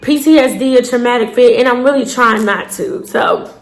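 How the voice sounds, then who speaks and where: High-voiced woman telling a wild story. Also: moderate pace. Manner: animated, dramatic retelling with shouted bursts and cursing. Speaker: storytime vlogger. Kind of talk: casual storytelling to camera.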